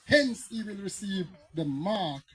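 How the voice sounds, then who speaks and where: A man's voice: high-pitched, expressive, slow pace, poor audio. A man with a Jamaican accent, preaching as a pastor and telling stories that climb into fiery, emphatic outbursts. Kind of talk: preaching Bible teaching.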